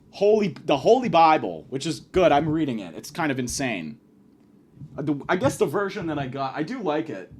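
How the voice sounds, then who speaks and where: A young man giving a crude, rambling comedic rant about his college. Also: fairly high pitch.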